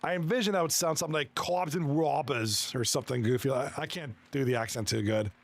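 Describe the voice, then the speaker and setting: A man giving live commentary on a video game hockey league, reacting excitably to plays and chatting with his viewers. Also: medium pitch. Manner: excitable, quick reactions to plays, chuckles often; chats with viewers between plays.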